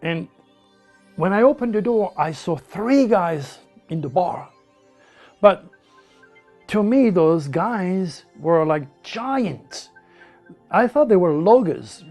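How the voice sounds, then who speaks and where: Taking his time in a high-pitched voice, a man with a French accent speaks over soft music. He grew up speaking French in the south of France and, in an interview, animatedly relates personal experiences while acting out people's words.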